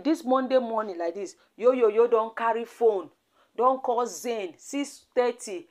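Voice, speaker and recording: A woman's voice: a little high, brisk, a little mellow. A Nigerian woman telling a celebrity gossip story in a dramatic, repetitive, exclamatory way. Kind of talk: storytelling commentary in Pidgin.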